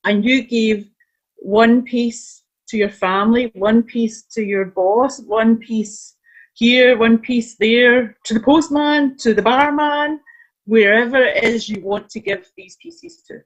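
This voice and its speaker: A woman's voice: a little high, takes it slowly. A woman guest giving earnest advice with examples in casual chat. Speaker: guest coach. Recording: dull lo-fi sound.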